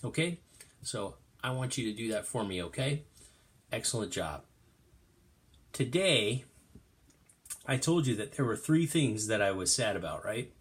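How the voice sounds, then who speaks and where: A middle-aged man teaching kindergarten, reading a storybook aloud in an animated, sing-song way. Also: lowish voice, unhurried, pauses often. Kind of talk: storytime lesson for young children.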